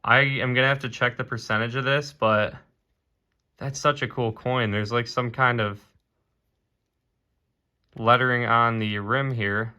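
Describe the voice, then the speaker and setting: A man narrating his own coin hunting video in a casual, excited way, often calling out to viewers as "guys". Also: mid-range voice, unhurried, pauses often, dull audio. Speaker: coin roll hunting vlogger.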